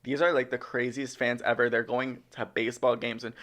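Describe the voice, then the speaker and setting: A man's voice: mid-range voice, flat delivery, fairly quick, hardly any pauses, a bit bright. A young man co-hosting a podcast in casual chat, rambling and chatty with lots of ums. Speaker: podcast co-host. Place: podcast studio.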